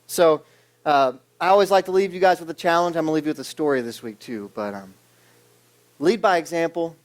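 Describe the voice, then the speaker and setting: A man's voice: a little high, brisk. Casual preacher man, keeps saying okay. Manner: conversational, keeps asking "okay?". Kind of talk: casual sermon. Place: church service.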